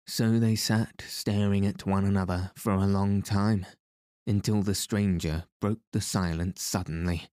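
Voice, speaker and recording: A man narrates an old-fashioned tale in a measured, even way. His voice is very low and dark, the pace slow, and the recording dry and close. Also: no echo. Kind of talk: scripted storybook narration.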